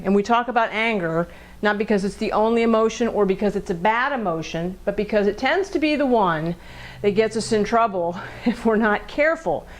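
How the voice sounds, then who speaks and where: Woman counselor leading a group session, conversational, questions the room, acts out angry voices. Mid-pitched. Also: low-quality recording. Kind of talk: interactive group lesson.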